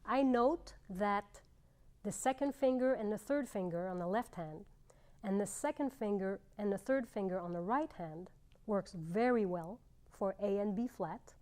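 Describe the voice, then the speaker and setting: A middle-aged woman gives a clarinet lesson, explaining each step clearly and patiently. She speaks at a medium pitch and pauses between ideas. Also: darkish tone. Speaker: clarinet teacher. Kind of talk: instructional demonstration.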